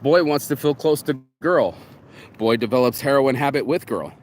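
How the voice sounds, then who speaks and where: A vlogger and shirt designer delivers a casual, rambling monologue that is profane and streetwise, calling the listener "bro." His voice is medium-pitched with a moderate pace, and there's no echo.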